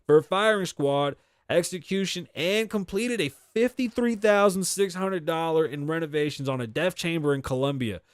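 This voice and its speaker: A man from Boston with a slightly high voice hosts a casual solo show. He reads news items aloud and riffs on them in a blunt, profane way. The sound is dry and close to the mic. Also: smooth, dry recording. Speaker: show host.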